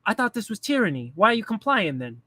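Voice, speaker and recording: Profane, mocking man with a high voice. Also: very animated, quick pace, bright, forceful tone, no room sound. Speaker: commentary streamer. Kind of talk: casual political rant.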